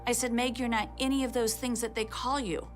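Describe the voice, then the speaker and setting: A middle-aged woman, a mother telling her own story as a personal testimony in a slow, measured way. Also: a little high, little pitch movement. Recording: music playing underneath.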